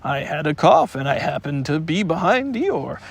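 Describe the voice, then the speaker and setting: A boisterous young tiger speaks in a slightly raised, lively voice, as a man puts him on. He sounds cheerful yet quick to protest his innocence. A storybook troublemaker full of bounce. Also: on the high side, creaky, husky, full character voice. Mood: defensive. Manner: cheerful, defensive.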